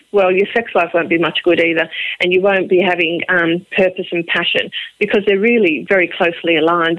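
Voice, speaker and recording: Woman from Liverpool, psychotherapist guest, animated, emphatic, tinny phone sound, dry. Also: mid-range voice, dry recording. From Liverpool, England. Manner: animated, emphatic, acts out quotes. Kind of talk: conversational interview storytelling.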